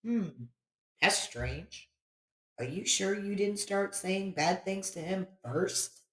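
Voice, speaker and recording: Woman doing a soft, calm mother. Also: mid-range voice, slow. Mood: concerned. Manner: soft, questioning. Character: gentle, calm mother of a boy. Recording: roomy echo.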